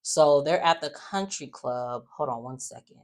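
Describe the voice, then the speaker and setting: A woman's voice: low-pitched, normal speed. A woman hosting a soap opera recap, chatty and opinionated with sassy asides. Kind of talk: casual recap commentary.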